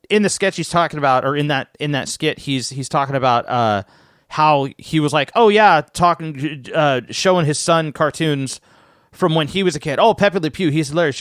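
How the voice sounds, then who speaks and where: A man co-hosting a casual podcast, talking in an animated way with plenty of restarts and some swearing, close to the mic. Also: a little high, no echo. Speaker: podcast co-host.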